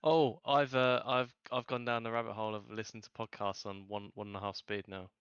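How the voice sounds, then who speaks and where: Bright, crisp man rambling. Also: lowish voice, flat delivery, fairly quick, no echo, highs cut off. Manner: rambling, many fillers and restarts. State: unwell with a cold. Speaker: podcast co-host. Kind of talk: casual chat.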